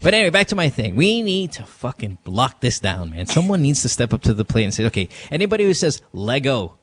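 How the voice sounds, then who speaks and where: A man's voice: medium pitch, big pitch swings, fast talker, fairly bright tone, slight background noise. A man hosting a podcast, ranting with fiery energy and constant swearing in casual banter. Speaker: podcast host.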